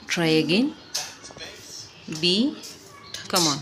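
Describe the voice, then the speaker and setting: A woman's voice: lowish voice, takes it slowly, noisy background. A woman teacher giving a one-on-one spelling lesson, patient and coaxing, full of encouragement.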